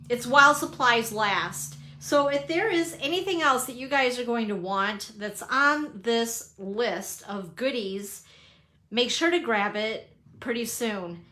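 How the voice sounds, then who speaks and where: A woman's voice: on the high side, pushed and bright. A middle-aged woman hosting a casual live crafting stream, chatty and upbeat, greeting viewers by name. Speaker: papercrafting demonstrator and live stream host. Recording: echoey room.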